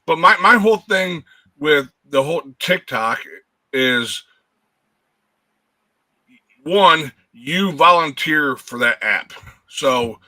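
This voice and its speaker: A man's voice: on the high side, expressive, slow, long pauses, pushed and bright, no room sound, poor audio. A man in casual chat, earnestly arguing a point and repeating words as he goes.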